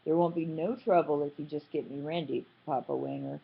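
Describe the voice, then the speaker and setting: A drunk young gunman threatens in a slow, menacing drawl, as a woman reads him in an audiobook. The voice is low and husky, and the audio slightly muffled. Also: fairly even intonation, full character voice.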